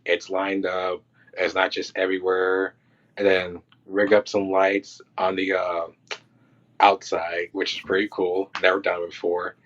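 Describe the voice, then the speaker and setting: A man's voice: deep voice, fairly bright tone. A man who works on film crews tells casual stories from set as a podcast guest, acting out quotes and reactions. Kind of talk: casual storytelling. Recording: dull lo-fi sound.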